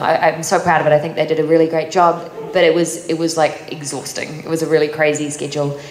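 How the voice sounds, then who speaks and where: Young New Zealand woman on a convention panel, chatty, a little low-pitched, in a boomy hall with faint noise. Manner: chatty, laughs often, many fillers. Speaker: actor answering fan questions.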